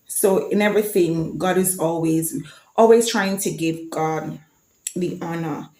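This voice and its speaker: A woman's voice: lowish voice, unhurried, mellow. Chatty Jamaican woman in an echoey room. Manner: chatty and enthusiastic, sometimes reciting lines. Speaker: vlogger. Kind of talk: casual vlog talk.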